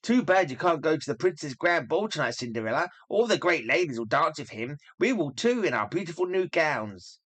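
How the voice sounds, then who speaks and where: A man's voice: on the high side, big pitch swings, normal speed, few pauses, a bit bright. A man voicing a spiteful young stepsister with a mocking, sneering delivery while reading a comic aloud. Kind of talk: comic book read aloud.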